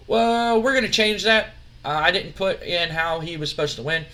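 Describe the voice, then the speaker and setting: A man's voice: high voice, normal speed, bright, forceful tone. A man hosting a gaming channel, narrating a wrestling game storyline in a rambling, casual way. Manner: rambling, with fillers.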